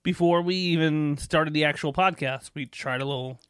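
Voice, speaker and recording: A fairly high-voiced man cohosting a podcast, loud and quick to laugh. He swears freely while telling everyday stories in casual banter. The sound is dry and close, with almost no room echo. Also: clear, resonant tone. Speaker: podcast co-host. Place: podcast studio.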